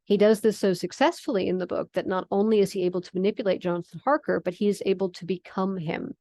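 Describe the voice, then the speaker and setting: A woman giving a lecture on vampire literature, explaining in a relaxed way with frequent ums. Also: medium pitch, fast, dry recording, studio quality. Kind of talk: lecture with readings from a novel.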